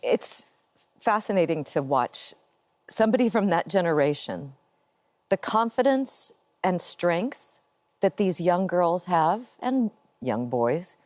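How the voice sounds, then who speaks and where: A woman in her fifties, an actress guest giving measured, reflective answers. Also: fairly low pitch, big pitch swings, darkish tone, no echo.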